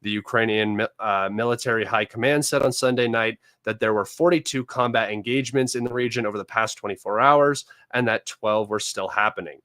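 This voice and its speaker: A man's voice: fairly low pitch, fairly quick, few pauses, a bit bright, no echo. A man hosting a live political commentary stream, reading news articles aloud and mocking them with scorn.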